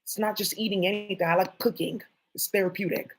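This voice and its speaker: A woman's voice: medium pitch, fairly even intonation, fast, poor audio. A woman vlogger talking to her viewers in a rambling, jumpy monologue, swearing often.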